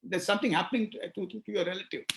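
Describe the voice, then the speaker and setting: A man with an Indian English accent giving an animated webinar lecture, acting out dialogues and repeating words. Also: high-pitched, racing, vocal fry, slight background noise. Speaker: psychiatrist speaker at a medical webinar.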